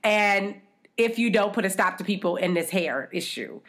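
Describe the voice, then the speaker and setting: A woman co-hosting a podcast, telling stories in an animated, teasing way and acting out what others say. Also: medium pitch, moderate pace. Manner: animated, teasing storyteller who acts out quotes. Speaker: podcast co-host. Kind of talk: casual chat.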